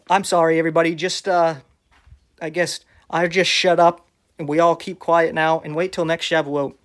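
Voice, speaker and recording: A man's voice: on the high side, expressive, normal speed. Sarcastic man reading viewer comments. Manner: sarcastic, defensive. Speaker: online preacher.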